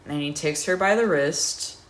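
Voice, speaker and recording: A woman's voice: sits low, unhurried, a little hiss or hum. A young adult woman telling a rambling, profane story in a casual vlog, often laughing. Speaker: storyteller vlogger.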